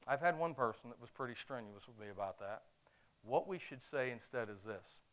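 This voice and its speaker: A middle-aged man preaching a sermon in a lively, conversational way, often asking his listeners questions. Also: medium pitch, fairly quick. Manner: animated, conversational, asks the audience questions.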